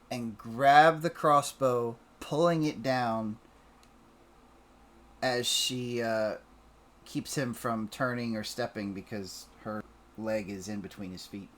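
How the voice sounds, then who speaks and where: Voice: medium pitch, slow. Brief: playful player narrating a character's moves. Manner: playful, describing actions. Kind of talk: casual tabletop play.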